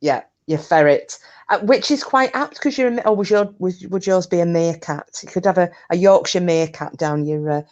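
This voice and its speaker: A woman's voice: fairly low pitch, moderate pace, darkish tone, lo-fi sound. A woman hosting a casual live-stream chat, rambling and self-interrupting with frequent jokes. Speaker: livestream host.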